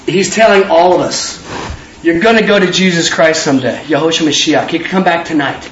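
High-voiced man preaching in a roomy hall. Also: fairly quick, fairly bright tone, a little hiss or hum. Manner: conversational, acts out both sides of dialogues. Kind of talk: informal sermon. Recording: distant roomy hall, dull lo-fi sound.

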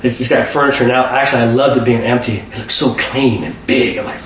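Animated man telling a story in an echoey room. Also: medium pitch, brisk, hardly any pauses, background noise. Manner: animated storyteller, frequent restarts. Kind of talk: personal testimony story. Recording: echoey room, mic at a distance.

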